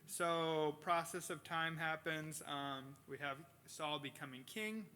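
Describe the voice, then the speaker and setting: Bright-voiced male pastor preaching. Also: a little high, slow. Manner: casual storytelling with bursts of animated impressions. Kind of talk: sermon. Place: church sanctuary.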